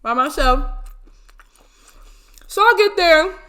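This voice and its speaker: A woman in her twenties telling a story casually while eating, animated and full of slang and exclamations. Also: very high-pitched, slow pace. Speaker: mukbang vlogger.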